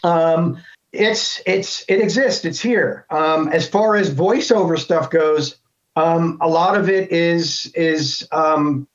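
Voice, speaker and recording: A middle-aged American man, a guest voice actor, chats in a casual interview with a slightly high voice at a slow pace. He talks loudly and meanders, thinking aloud with lots of restarts. The recording is muffled, with a dull lo-fi sound.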